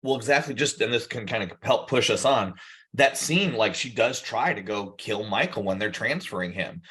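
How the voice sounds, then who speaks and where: A man co-hosting a film podcast, speaking in an animated, emphatic way. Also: fairly low pitch, normal speed. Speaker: podcast co-host. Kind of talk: casual film discussion.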